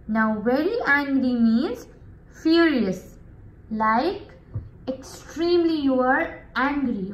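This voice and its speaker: A woman teacher with a high voice explains a vocabulary lesson at a very slow, drawn-out pace. She often stops to check in with her students. The recording has an echoey room sound.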